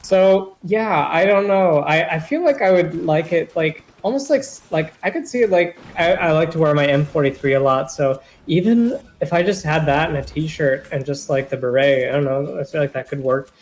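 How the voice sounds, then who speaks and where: A young man co-hosting a podcast, chatting casually in a relaxed, meandering way with frequent "like"s. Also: on the high side, normal speed, few pauses, low-quality recording. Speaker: podcast co-host. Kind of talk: casual chat.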